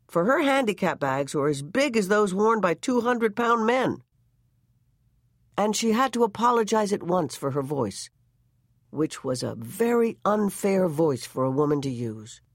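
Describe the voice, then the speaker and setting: A reader narrating a short story in a measured, expressive way. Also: medium pitch, no echo, clean studio sound. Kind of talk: story reading.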